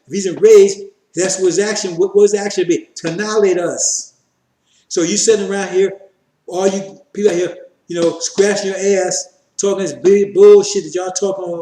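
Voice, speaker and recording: Male street preacher with a high, mellow voice who hammers points through repetition; roomy echo. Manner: repetitive, emphatic, addresses listeners as brothers. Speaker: preacher teaching scripture. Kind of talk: fiery street-style sermon.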